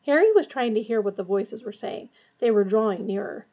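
A woman's voice: medium pitch, expressive, a little fast, hardly any pauses, dark tone. A woman reading a novel aloud expressively, with a dull lo-fi recording. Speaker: audiobook reader.

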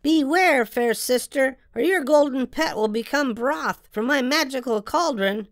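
A woman's voice: high-pitched, measured pace, no room sound, clean studio sound, voice pushed up. A woman voicing a boastful young boy who plays wizard and pirate, with a mock-grand, chanting delivery.

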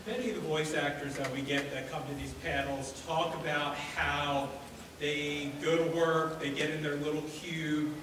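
A man's voice: on the high side, steady tone, moderate pace. A man in the audience asking a long, earnest question at a panel. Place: large convention hall. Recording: echoey hall recording from far off, noisy.

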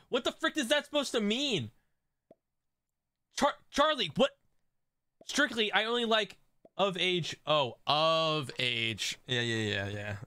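A young man commentates his own online game stream, cracking up at other players and answering chat. His voice sits high and bright. It sounds close and dry, with no room around it. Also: dry recording. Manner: excitable, laughing, reacting to chat.

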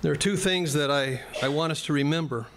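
A man's voice: fairly high pitch, brisk, background noise. A male pastor preaching a sermon in a church, earnest and plain-spoken, turning now and then to address the congregation directly.

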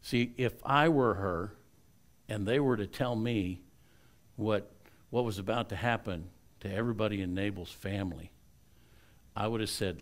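A male pastor preaching a sermon, retelling a Bible story with lively swings between loud and hushed delivery and chatty asides to the congregation. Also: fairly low pitch, normal speed, pauses often.

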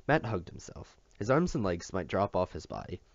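Deep-voiced man reading a novel aloud. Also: normal speed, dry recording. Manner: expressive, occasional slips and rereads. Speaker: audiobook reader. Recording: dull lo-fi dry recording.

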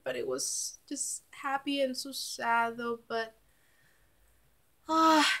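A woman's voice: high-pitched, very animated, slow pace, pushed and bright. A woman giving casual reaction commentary as a YouTuber, rambling with many fillers and fighting back tears.

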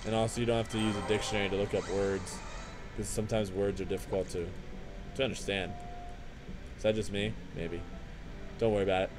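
A young man hosting a let's play, commenting on his game with excitable trash talk, jokey asides and sing-song chanting. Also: lowish voice, a little fast, pauses often. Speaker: gaming channel host.

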